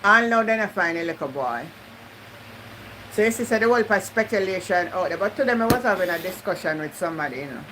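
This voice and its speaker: A woman's voice: lowish voice, expressive, quick pace, sharp tone, a little hiss or hum, low-quality recording. Jamaican woman chatting on a live stream. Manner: slips into patois, talks straight to viewers. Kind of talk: casual live-stream chat.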